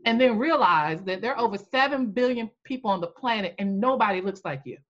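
A woman coach telling an animated story in a podcast interview, acting out the voices she quotes. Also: fairly quick, lo-fi sound. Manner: animated storyteller, acts out quoted voices with big pitch jumps. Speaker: coach and founder.

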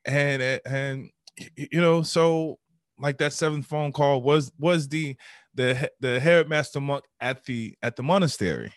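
A man in his thirties, a podcast guest, telling an emotional personal story and acting out the voices of his past self with sudden lively bursts. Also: medium pitch, brisk, dry recording, clean studio sound. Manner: animated, acts out his own past voice.

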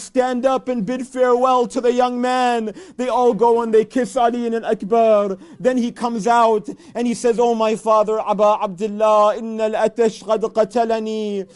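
A man preaching an emotional religious narration, rising to anguished cries and shouts. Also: very high voice, smooth. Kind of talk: emotional religious recitation sermon.

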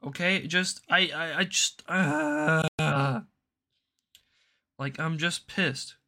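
Bright-voiced young man ranting profanely. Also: a little high, fairly even intonation, extremely slow. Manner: angry, profane ranting with sudden loud outbursts. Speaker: host. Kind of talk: political commentary.

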